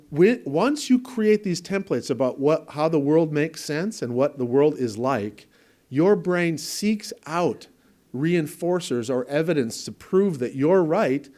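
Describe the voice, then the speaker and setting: Man giving a lively lecture. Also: a little high, slow pace. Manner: conversational, explains with examples and asides; repeats words for emphasis. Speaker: presenter at a training event. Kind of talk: conference lecture. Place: presentation room with an audience.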